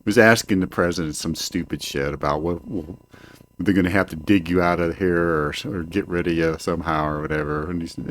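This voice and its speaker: A man's voice: low-pitched, fairly quick, slight background noise. An older man ranting at home into a desk microphone, profane and rambling, often stalling on fillers. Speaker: home video show host. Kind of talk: ranting monologue. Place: home, indoors.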